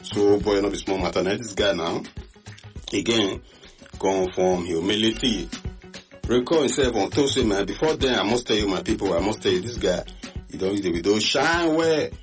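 Nigerian male radio host, lively pidgin-mixed gist chat, low-ish voice. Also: moderate pace, soft background music. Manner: animated, repetitive, mixes pidgin with English.

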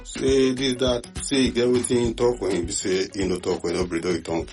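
A man with a Nigerian accent hosting a call-in radio chat show, talking in an animated, repetitive way and mixing pidgin with English. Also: on the low side, a little fast, soft background music.

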